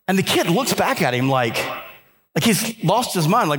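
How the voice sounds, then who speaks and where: A man giving an energetic motivational speech to a live audience in a conference hall, telling stories and urging listeners to work hard. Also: a little high, normal speed. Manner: energetic storytelling with repeated restarts and emphatic exhortations. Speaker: motivational keynote speaker.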